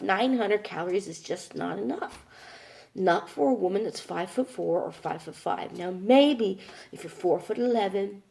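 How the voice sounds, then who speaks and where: Exasperated woman venting, low gravelly voice. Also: darkish tone. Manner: exasperated, venting, quotes others in dialogue. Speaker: caregiver daughter. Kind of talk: candid spoken video diary.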